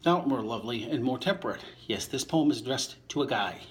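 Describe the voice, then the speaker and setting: A man's voice: expressive, fast talker. An older man reading sonnets aloud and chatting offhandedly between them. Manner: recites verse, then chats in a low, offhand voice. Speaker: vlogger reciting sonnets while lifting. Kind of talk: casual recitation between lifts.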